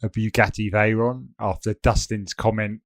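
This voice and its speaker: A man's voice: fairly low pitch, fairly even intonation, moderate pace, no echo, studio quality. A man co-hosting a podcast, talking casually in meandering, hesitant sentences full of fillers. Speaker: podcast co-host. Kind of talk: casual chat.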